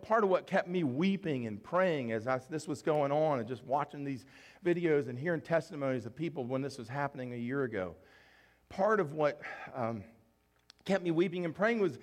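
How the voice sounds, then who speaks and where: A male pastor preaching a sermon with an earnest, emotional, pleading delivery. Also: mid-range voice.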